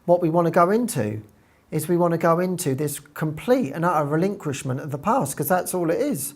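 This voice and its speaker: A woman retelling a spiritual story in a casual, earnest way, rising into excited bursts as she quotes herself. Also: on the low side, fairly quick, husky. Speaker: spiritual teacher.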